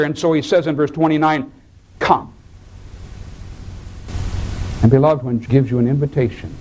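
A man preaching a sermon in a dramatic way, swinging from raised, drawn-out lines to hushed, low asides, and acting out the voices he quotes. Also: slight background noise, poor audio. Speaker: pastor.

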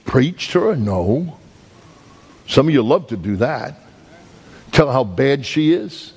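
A male evangelist preaching a storytelling sermon, animated and joking with the congregation, acting out sounds and voices. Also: medium pitch, slow, slightly rough.

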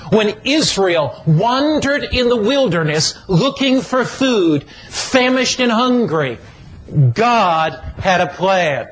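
A man's voice: high-pitched, expressive, slow, fairly bright tone, rough recording. A man preaching a sermon in an emphatic, repetitive cadence.

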